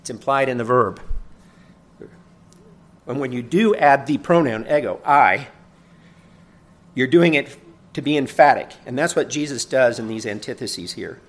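With a medium-pitched voice and lively intonation, a pastor teaches his sermon conversationally at a measured pace, pausing often. He frequently asks "right?", getting loud to stress a point and then going quiet.

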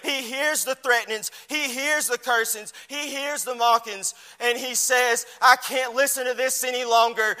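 A man preaching a fiery church sermon, building in a chanted cadence up to shouts. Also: very high-pitched, steady tone, moderate pace, few pauses, long reverb tail, soft background music.

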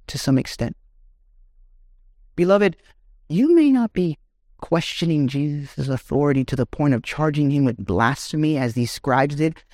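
A man's voice: on the high side, a little mellow, no echo, clean studio sound. A man preaching a sermon as pastor, reading scripture and rising to emphatic questions.

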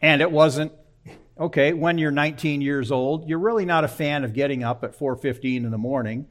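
A man's voice: fairly high pitch, normal speed. An older man preaching a sermon in a folksy, conversational way, often checking in with "okay.". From Michigan. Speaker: pastor.

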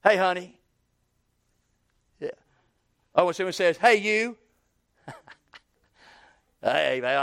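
A man preaching an evening sermon in a folksy way, repeating words and building up to shouted questions. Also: high-pitched, a little slow, long pauses, clear, resonant tone, dry recording, clean studio sound.

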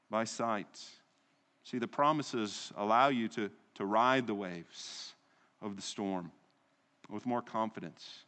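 A man delivers a sermon as a pastor, his voice sitting at an ordinary middle pitch. He preaches with a rhetorical rise and fall, often closing a point with a question. The sound carries the long reverb of a large hall. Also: pushed and bright.

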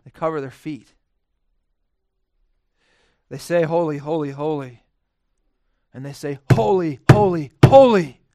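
A male preacher delivering a sermon with a high, smooth, resonant voice. He drops to hushed, quiet phrases, then rises to loud, emphatic declarations. The sound is dry and close, with little room echo. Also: fairly even intonation, slow, long pauses.

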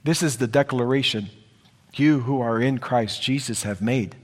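A man's voice: mid-range voice, normal speed. A man preaching a sermon in an earnest way, repeating phrases for emphasis. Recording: long hall reverb.

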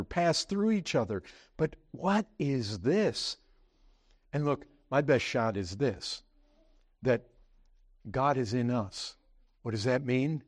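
High-pitched emphatic male preacher. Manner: earnest, emphatic preaching that rises to excited bursts; repeats words when pressing a point. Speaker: pastor. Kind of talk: sermon.

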